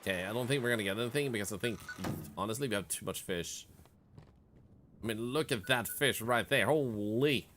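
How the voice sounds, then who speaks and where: A man's voice: fairly low pitch, a little fast, long pauses, noisy background. A man streaming a video game in casual commentary, chatting and reading the game's text aloud as he plays. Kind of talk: casual let's-play commentary.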